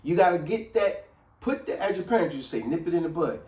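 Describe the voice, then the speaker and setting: A man hosting a casual advice talk, lively, who acts out quoted people in a raised voice. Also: fairly high pitch, fairly quick, far from the mic. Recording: roomy sound from off the mic.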